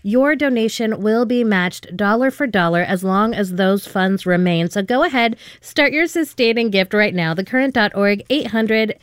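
A woman co-hosting a public radio pledge drive, making steady, persuasive appeals. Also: medium pitch, normal speed, few pauses, clean tone, no room sound, clean studio sound. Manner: steady, persuasive, reading listener messages. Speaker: radio co-host.

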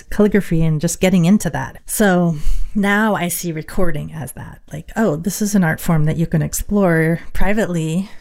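A woman's voice: low-pitched, darkish tone. A middle-aged woman musician talking reflectively in an interview, with many fillers. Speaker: musician guest. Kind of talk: casual interview talk.

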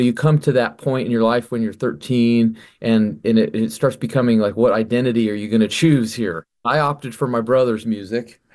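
A man in his forties, a musician on the radio, talking about his album in a relaxed, reflective way and often repeating words as he thinks. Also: lowish voice. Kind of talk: relaxed radio interview talk.

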